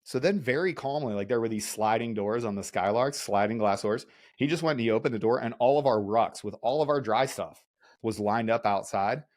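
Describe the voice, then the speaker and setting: Man telling lively stories on a podcast. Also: medium pitch, a little fast. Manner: animated storyteller, acts out voices, laughs often. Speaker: podcast host. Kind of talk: casual storytelling chat.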